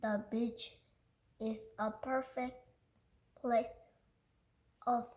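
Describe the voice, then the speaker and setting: Very slow halting woman reading a storybook. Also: fairly high pitch, level tone, a little mellow, reverberant. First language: Korean. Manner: careful, halting, stumbles on words. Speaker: reader. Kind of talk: reading a picture book aloud.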